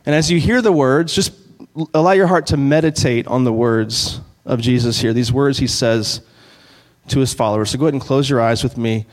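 A man preaching a sermon as pastor, in an earnest, conversational way, slowing down to read scripture. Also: medium pitch. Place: church sanctuary. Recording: long hall reverb.

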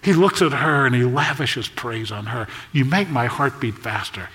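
A man in his sixties preaching a sermon, storytelling in a conversational way with jokes and quick asides. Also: mid-range voice, fairly bright tone. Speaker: pastor. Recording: long echo of a large hall.

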